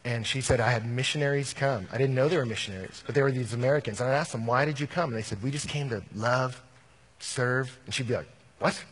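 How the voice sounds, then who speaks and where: A man preaching a sermon as pastor, animated, shifting from loud bursts to hushed, earnest lines. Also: mid-range voice, fast, slightly rough.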